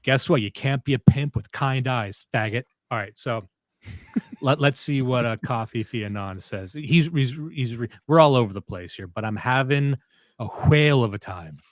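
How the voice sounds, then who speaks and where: An excitable male podcast host who swears freely and jumps from topic to topic. His pitch sits in the middle of the range, and the dry, close sound has no room around it. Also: moderate pace, dry recording. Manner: crude, profane and excitable, jumping between topics. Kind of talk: casual chat.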